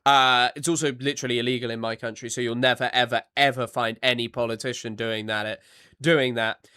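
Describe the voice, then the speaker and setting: A man streaming live, reacting bluntly to news clips, often halting them to argue and circling back with fillers and repeats. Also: mid-range voice, fairly even intonation, pushed and bright, clear, resonant tone. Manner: filler-heavy, repeats himself. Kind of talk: casual live-stream commentary.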